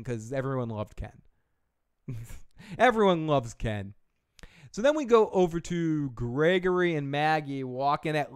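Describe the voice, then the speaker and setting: A man's voice: on the high side, smooth, dry recording, clean studio sound. A man hosting a casual TV episode review, joking and profane, with frequent asides. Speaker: show host.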